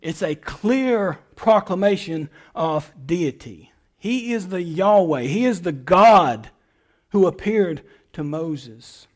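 A middle-aged male pastor with a high voice delivers a sermon. He builds his points through emphatic repeated phrases. He rises to forceful appeals, then drops to quiet, hushed words. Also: lively intonation, slow.

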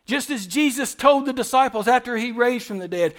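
A man with a high voice preaches from a church pulpit. He drives his points home with repeated phrases and lets his volume swell and fall as he goes. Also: fairly quick. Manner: preaching with emphatic repetition, swinging between soft and loud. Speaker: pastor. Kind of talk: sermon.

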